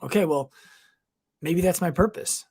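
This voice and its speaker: A man's voice: a little high, unhurried, a little mellow, breathy edge. A man guesting on a podcast, speaking in a reflective way in casual chat. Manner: reflective, affirming listener.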